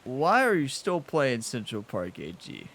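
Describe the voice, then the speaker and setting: Speaking at medium pitch and a little slowly, a young man commentates casually on his own golf video game channel. Frequent laughter punctuates his swings from annoyance to excitement.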